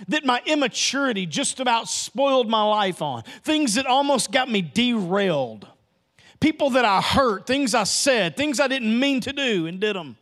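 Preaching in a very high-pitched voice, this male pastor is emphatic and repetitive, alternating loud sections with hushed moments throughout his sermon.

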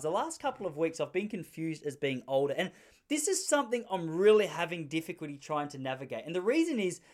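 A man, hosting a solo comedic podcast from a spare room at home, rambling and poking fun at himself. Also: high-pitched. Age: 30s. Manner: rambling, self-mocking storytelling with quoted voices. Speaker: podcast host.

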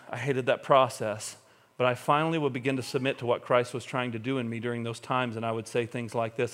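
A man preaching a sermon as a pastor, talking earnestly and swinging between hushed, confessional moments and fervent emphasis. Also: medium pitch.

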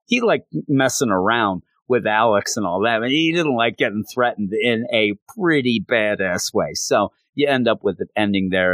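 A man's voice: fairly low pitch, a bit bright, no echo. A man reviewing comics in casual, rambling talk, full of fillers. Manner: rambling, many fillers like "you know".

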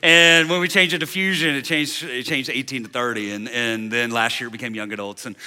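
A man's voice: mid-range voice, fairly even intonation, fairly quick, bright, forceful tone. A man in his forties, a senior pastor, talking candidly and emotionally to a young adult congregation, joking and interrupting himself. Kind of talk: preaching to a young adult service. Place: large church auditorium.

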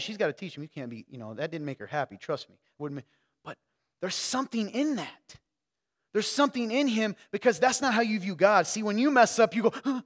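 A man preaching a sermon in a church, talking conversationally and swinging between quiet asides and loud emphatic stretches. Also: high-pitched, long reverb tail. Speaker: pastor. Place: church sanctuary.

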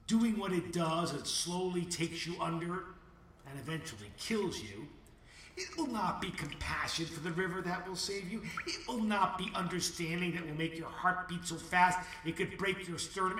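A man delivering a dramatic monologue addressed to God, swinging between booming declarations and hushed asides. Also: roomy sound, far from the mic, a little hiss or hum. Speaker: podcast host.

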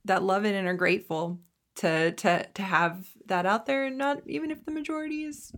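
A woman's voice: mid-range voice, normal speed, a bit bright, a little hiss or hum. Thoughtful woman co-hosting a film chat. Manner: thoughtful, hesitant restarts. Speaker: podcast co-host.

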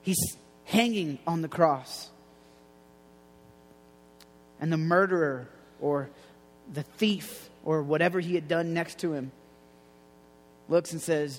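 A man preaching a casual sermon in a loose, slangy way, going soft and low on quoted lines. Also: measured pace, big-room sound. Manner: conversational, slangy, drops quiet for quoted lines.

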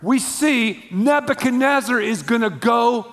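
A man preaching a sermon, telling the story in a lively, slangy way. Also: very high voice, a little slow, in a large hall. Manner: animated storytelling with slangy asides. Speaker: pastor.

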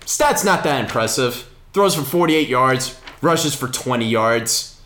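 A young man co-hosting a casual sports podcast, telling stories in a playful, animated way. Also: medium pitch, measured pace. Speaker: podcast co-host. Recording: roomy echo with faint noise.

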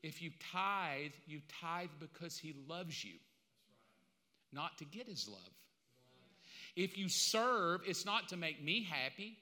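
A middle-aged man preaching a sermon as pastor, impassioned and conversational, with dramatic pauses. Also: a little high, sharp tone, long reverb tail. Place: church sanctuary.

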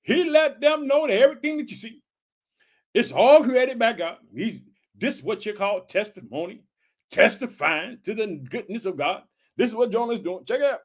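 A man's voice: high-pitched, expressive, fairly quick. A man giving a casual sermon in a conversational way, repeatedly calling out short prompts to his listeners. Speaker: Bible teacher.

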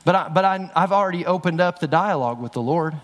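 A man's voice: high voice, fast talker. A middle-aged man preaching a sermon in a church, talking conversationally with frequent restarts. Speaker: pastor. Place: church sanctuary. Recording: long hall reverb.

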